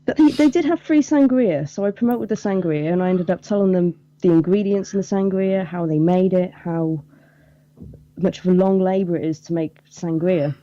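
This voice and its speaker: A woman's voice: fairly low pitch, moderate pace, mellow, muffled recording. A young woman guest on a podcast, chatting casually about past work and laughing easily. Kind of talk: casual chat.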